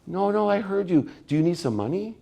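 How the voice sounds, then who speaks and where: Man voicing a calm, loving older mother. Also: high-pitched, brisk, gravelly, voice pushed up, exaggerated voice. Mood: gentle. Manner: gentle and reassuring.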